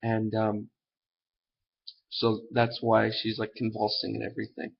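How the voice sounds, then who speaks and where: A man's voice: on the low side, monotone, unhurried, gravelly, slight background noise. Rambling man recapping a comic, lo-fi. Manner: loose and rambling, heavy on fillers and "and everything". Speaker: comic book reviewer. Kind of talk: casual rambling plot recap. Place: at home.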